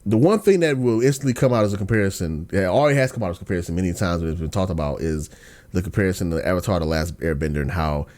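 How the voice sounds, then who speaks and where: A man hosting a podcast in casual chat, slangy and ranting, dropping to low mumbles and then bursting into excited outbursts. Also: very fast. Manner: slangy, lots of fillers and restarts. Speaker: podcast host.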